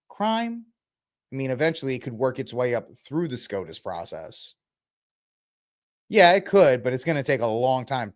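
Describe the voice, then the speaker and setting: A man's voice: fairly high pitch, no echo. A male podcast host with a slightly raised voice, riffing sarcastically on the news in a loose, rambling way. The sound is dry and close. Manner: rambling and sarcastic, jokes and mocks as he reads. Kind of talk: casual political commentary.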